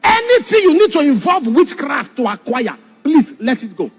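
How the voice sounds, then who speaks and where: A man preaching a sermon with passion, swinging from shouted warnings to hushed storytelling. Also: very high-pitched, very animated, normal speed, soft background music.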